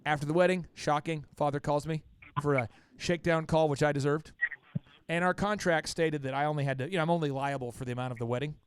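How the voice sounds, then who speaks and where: Male podcast host, high smooth voice, animated storyteller who acts out every quote. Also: quick pace, no echo. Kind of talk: casual storytelling chat.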